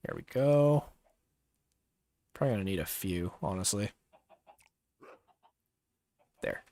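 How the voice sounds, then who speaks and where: A young man talking casually as he plays a game on a livestream, relaxed and rambling with many fillers and pauses. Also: deep voice. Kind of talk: casual gameplay commentary.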